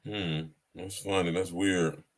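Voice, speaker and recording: A man's voice: deep voice, fairly even intonation, slow. A man hosting a podcast stream in casual, hyped chat, repeating himself and ending lines with "man.". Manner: hyped, repetitive, keeps tagging "man". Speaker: podcast host.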